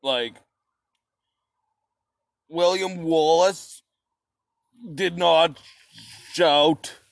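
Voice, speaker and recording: In a very slow, gravelly voice, a man tells history as a rambling, profane comic monologue. He acts out quoted voices with sudden high shouts, and the recording sounds dry.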